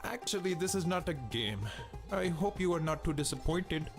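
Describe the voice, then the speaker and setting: A man's voice: on the high side, lively intonation, moderate pace, creaky. An actor playing a melodramatic male computer program who insults people and predicts doom. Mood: calm. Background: game music.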